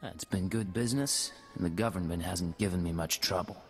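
An actor playing a composed spy agent in a video game, calm and terse with a husky voice. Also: male voice, deep voice, a little fast, long reverb tail, soft background music, lightly acted. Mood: cool.

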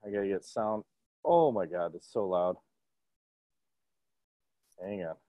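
A man hosting a casual podcast over a video call, talking in an excitable, profane and jokey way. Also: deep voice, slow, no room sound, muffled recording. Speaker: podcast host.

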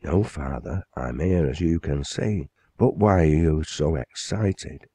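A man voicing a composed, concerned young woman in an audiobook, in a gentle, low, only lightly changed voice. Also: expressive, takes it slowly, dry recording, studio quality, full character voice. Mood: calm. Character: calm concerned young woman, his daughter.

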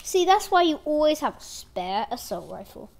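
A woman's voice: sits high, big pitch swings, moderate pace, gravelly. A woman giving playful, rambling commentary over her own gameplay. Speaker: gaming channel host.

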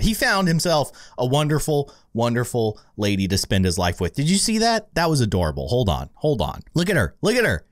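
Animated man narrating a game. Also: a little high. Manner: animated, exclaiming, reacting aloud. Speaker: gaming video host. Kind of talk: casual gameplay commentary.

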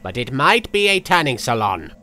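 A man's voice: medium pitch, sing-song, normal speed, pushed and bright. A man voicing a vain, flamboyant and dim-witted male villain in a comedic gameplay voice-over, speaking in a campy, boastful and theatrical way. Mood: mocking.

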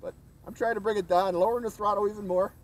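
A man's voice: high-pitched, steady tone, fast, poor audio. A man hosting a hobby video, chatting casually to viewers about a model plane flight outdoors, calling them folks. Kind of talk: casual flight-test commentary. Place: outdoors at a flying field.

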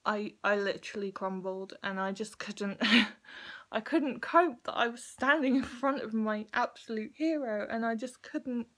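Young woman crying thru a vlog, talks slow, keeps stopping n restarting, really emotional. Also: on the high side, fairly bright tone. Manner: emotional, tearful, halting with restarts. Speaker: vlogger. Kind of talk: personal vlog to camera. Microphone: phone or webcam recording.

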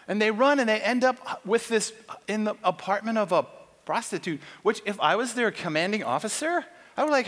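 A man giving a conversational sermon at a conference, telling a Bible story with animated asides and acting out characters' voices. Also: very high voice, moderate pace. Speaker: conference speaker. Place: church auditorium. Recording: long church hall reverb.

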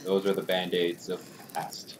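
A man hosting a gaming channel, giving excitable, jokey let's-play commentary straight to his viewers. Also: low-pitched, moderate pace, background noise.

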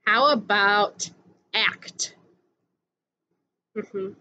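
Bright, slow-talking woman teaching phonics. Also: a little high, lo-fi sound. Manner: slow, patient, sing-song, drawing out sounds. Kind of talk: recorded phonics lesson for young children.

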